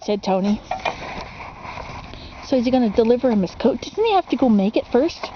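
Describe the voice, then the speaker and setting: A woman's voice: on the high side, lively intonation, fairly quick, muffled recording, slight background noise. A woman casually reading a children's storybook for ASMR, rambling into asides and asking the listener questions.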